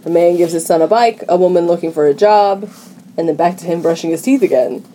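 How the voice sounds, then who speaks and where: A woman's voice: on the low side, fairly quick, warm tone, slight background noise. A woman co-hosting a podcast, retelling a film plot in casual chat and laughing between lines. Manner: chatty storyteller who laughs between lines. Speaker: podcast co-host.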